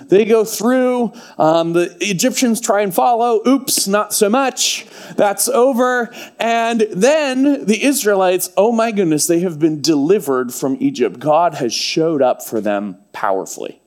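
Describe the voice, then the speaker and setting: A man preaching a sermon, reading scripture and retelling it in a lively, casual storytelling way with humorous asides. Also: high-pitched. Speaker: pastor.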